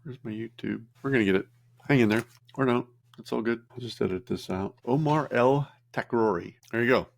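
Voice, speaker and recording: Gravelly man rambling through notes. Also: mid-range voice, a little fast. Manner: rambling, self-correcting, chatty. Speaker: business vlogger. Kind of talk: casual screen-share recap.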